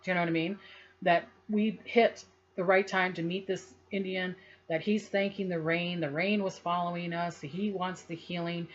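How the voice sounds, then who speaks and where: A woman psychic casually telling a personal story to the camera, rambling and animated, acting out what others said and laughing often. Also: on the low side, moderate pace, lo-fi sound.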